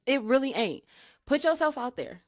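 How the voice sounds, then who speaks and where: A woman's voice: high-pitched, sing-song, moderate pace. A woman co-hosting a casual podcast chat, giving emphatic, preachy advice and often asking the listener for agreement. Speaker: podcast co-host.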